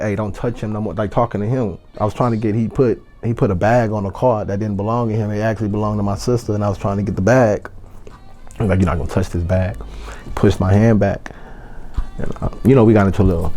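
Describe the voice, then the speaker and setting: Brief: low-pitched Texas rapper, blunt and profane guest, faint music underneath. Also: male voice, mellow. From San Antonio, Texas. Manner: blunt and profane, heated storytelling. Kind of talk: casual interview chat.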